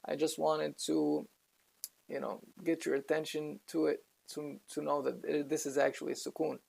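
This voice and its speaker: Gravelly-voiced man teaching Quran reading. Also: on the high side. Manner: patient, explains slowly, recites Arabic words between explanations. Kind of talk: step-by-step recitation lesson.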